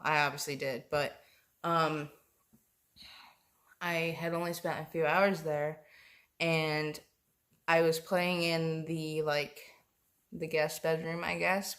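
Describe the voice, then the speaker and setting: Low-voiced, slow, rambling woman vlogger. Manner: hesitant, many ums and self-corrections; self-conscious, calls herself an amateur. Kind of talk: rambling casual storytelling.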